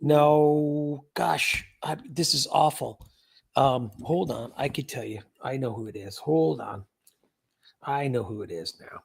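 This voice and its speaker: A man's voice: mid-range voice, slow, creaky, slightly rough. A man hosting a casual livestream, chatting and greeting viewers by name. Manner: chatty, reads viewer names aloud. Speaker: livestream host.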